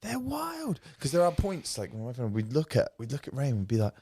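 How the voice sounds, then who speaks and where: A man co-hosting a casual podcast chat, jokey and animated as he tells anecdotes. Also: medium pitch, fast talker, no echo, studio quality. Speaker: podcast co-host, father of a toddler.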